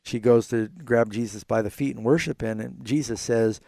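A man's voice: fairly low pitch, a little fast, vocal fry, hardly any pauses, dry recording. A man hosting a call-in radio Bible program, explaining scripture earnestly to callers. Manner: earnest, explanatory, quotes scripture in animated bursts.

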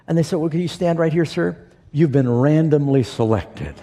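A man's voice: a little high, normal speed, mellow. A man preaching a sermon to a congregation, telling a story and acting out the quotes, and asking them questions. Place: church sanctuary. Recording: long reverb of a church hall.

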